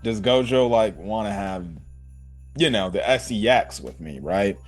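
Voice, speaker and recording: A man's voice: on the low side, animated, unhurried, soft background music. A man voicing a panicky, flustered teenage anime girl in casual slang. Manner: frantic, swearing, casual slang.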